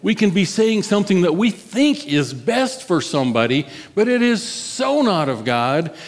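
A male pastor preaching a sermon in a conversational, expressive way, and asking his listeners questions. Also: high voice, normal speed, big-room sound.

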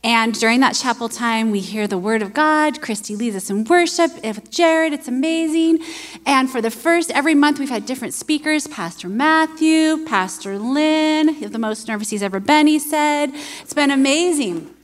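A woman's voice: sits high, expressive, moderate pace, long reverb tail. A woman making an upbeat, enthusiastic announcement at church.

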